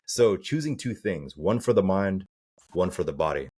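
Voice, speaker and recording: A man's voice: sits low, lively intonation, moderate pace, mellow, breathy edge. A man from the American South, a life coach, talking earnestly in an interview and acting out the people he quotes. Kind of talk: casual interview talk.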